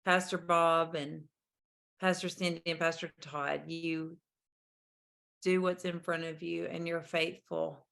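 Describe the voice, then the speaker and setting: A woman hosts a casual faith conversation in a low, gravelly voice. She speaks in a heartfelt, affirming way. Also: flat delivery, slow pace, a bit bright. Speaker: host.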